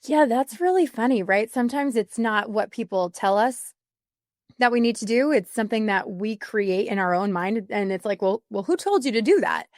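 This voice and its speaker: A woman hosting a podcast, chatting in a lively, friendly way. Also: a little high, moderate pace, dry recording, clean studio sound. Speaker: podcast host, voiceover artist. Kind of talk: casual conversational interview.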